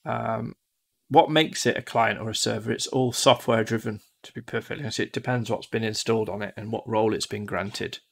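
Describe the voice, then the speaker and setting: A man's voice: lowish voice, fairly even intonation, fairly quick, vocal fry. A man from the UK teaching one-to-one in a casual, chatty way, often acting out devices in silly voices. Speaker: tutor.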